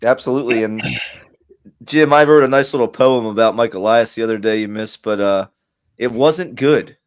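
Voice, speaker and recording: A man's voice: medium pitch, moderate pace, clean tone, no echo, clean studio sound. A man hosting a sports podcast, easygoing and joking in casual chat. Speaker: podcast host.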